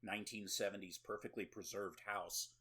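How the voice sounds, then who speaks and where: A man's voice: on the low side, little pitch movement, normal speed, bright, forceful tone, breathy edge. A man co-hosting a horror movie podcast, recapping a film in a casual, sarcastic way with swearing and laughing asides. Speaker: podcast co-host.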